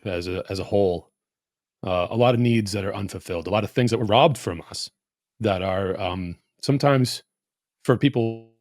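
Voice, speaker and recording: Low-voiced, reflective man on a dry mic. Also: darkish tone, dry recording. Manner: earnest, reflective, philosophical. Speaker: podcast guest. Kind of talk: casual roundtable chat.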